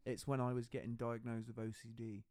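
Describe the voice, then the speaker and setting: A man's voice: medium pitch, flat delivery, a little fast, darkish tone, no room sound, clean studio sound. A man hosting a casual podcast conversation, talking openly and confidingly and acting out the dialogue he quotes. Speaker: podcast host.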